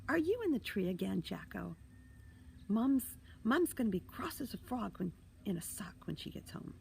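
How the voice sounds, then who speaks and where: A woman's voice: mid-range voice, lively intonation, unhurried, gravelly, mellow, whispered, far from the mic. A woman voicing a bossy young girl who scolds her little brother. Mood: scolding. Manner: scolding, exasperated.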